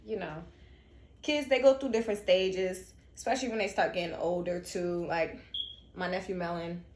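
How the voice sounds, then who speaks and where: A woman's voice: on the low side, fairly even intonation, normal speed, a little mellow, reverberant, slight background noise. A young woman vlogging about raising her late sister's children, emotional and confiding, talking straight to her viewers. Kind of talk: candid personal vlog.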